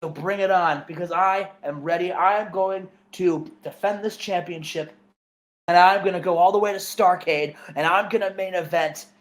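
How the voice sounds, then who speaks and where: A man's voice: high-pitched, fairly even intonation, normal speed, close to an everyday voice. A man doing a proud, earnest wrestling champion's promo. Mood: heartfelt.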